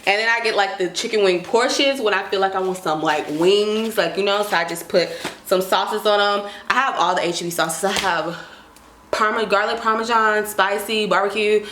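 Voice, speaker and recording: A woman's voice: mid-range voice, moderate pace, fairly bright tone. A young woman vlogging a casual grocery haul, chatty and slangy, sometimes talking about herself in third person. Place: apartment kitchen. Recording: echoey room with clear background noise.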